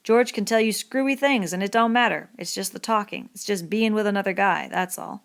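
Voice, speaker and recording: A woman reading the part of a bitter, lonely middle-aged male stable hand in a rough rural dialect, in an audiobook. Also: medium pitch, brisk, pitched above the performer's own voice, natural voice. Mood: brooding.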